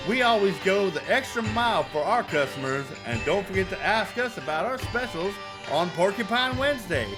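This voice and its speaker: Brash exterminator pitchman played by a man, high-voiced, guitar bed under the read. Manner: loud salesman pitch, folksy and pushy. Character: brash Texan pest-control man, adult, boastful. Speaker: pest control pitchman in a spoof ad. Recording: ad read over clear guitar music.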